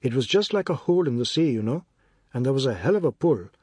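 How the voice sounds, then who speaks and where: A man narrator voicing a shaken young man who talks quickly about a rescue. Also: mid-range voice, animated, a little mellow, breathy edge, no echo. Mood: excited. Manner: quick and breathless telling.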